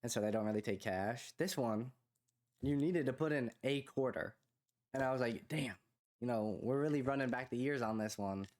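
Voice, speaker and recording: A man's voice: medium pitch, normal speed. Rambling young man telling a story. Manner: rambling, filler-heavy, animated when quoting others. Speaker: podcast co-host. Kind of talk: casual storytelling.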